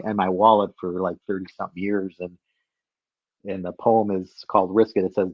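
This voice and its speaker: A man's voice: low voice, flat delivery, normal speed, no echo, muffled recording. A man in his fifties, a guest from the Chicago area, telling a personal story with many restarts and laughing at himself.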